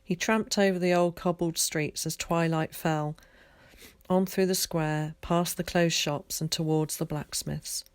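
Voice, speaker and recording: A woman teacher reading a storybook aloud, clear and expressive. Her voice is low and sits close and dry, with no room sound around it. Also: unhurried, dry recording.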